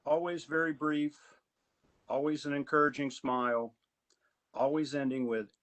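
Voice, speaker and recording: A man from Augusta, Georgia, chairing an advisory committee in a virtual meeting, giving earnest, measured prepared remarks. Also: on the high side, steady tone, fairly bright tone, rough recording.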